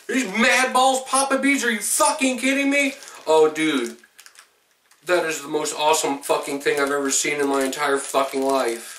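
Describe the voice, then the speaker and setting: Excitable swearing man in an echoey room. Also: distant mic, slight background noise. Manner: excitable, swears a lot, swings high when thrilled. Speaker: vlogger opening a fan mail box. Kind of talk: excited unboxing vlog.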